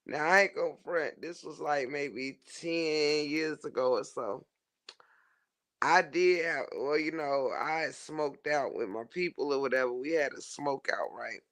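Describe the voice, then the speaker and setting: Man, gravelly voice, a bit high, animated, swears a lot, livestream chat storytelling. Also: unhurried. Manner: animated, swears freely, laughs often, calls viewers child. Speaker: livestream host reading chat.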